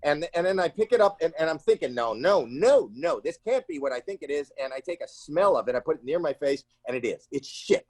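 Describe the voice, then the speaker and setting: A comedian guest in an interview, telling stories in an animated way and acting out the people in them with sudden shrill cries. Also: male voice, brisk, hardly any pauses, no room sound. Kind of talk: animated storytelling in a casual interview. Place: home.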